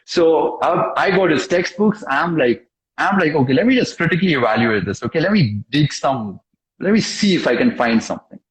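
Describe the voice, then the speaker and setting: A young man with a slightly higher voice recounts events in a casual interview, punching his lines with emphasis and voicing the people in his story. His voice carries a noticeable echo from the room around him. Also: normal speed. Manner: animated, emphatic storyteller who acts out dialogue and tags lines with "okay?". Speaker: interview guest. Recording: echoey room.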